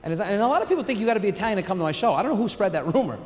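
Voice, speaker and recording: A middle-aged man doing a stand-up comedy set, telling stories in a loud, animated way on a theater stage. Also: high voice, rapid-fire. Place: theater stage with live audience. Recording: live hall reverb, faint room noise.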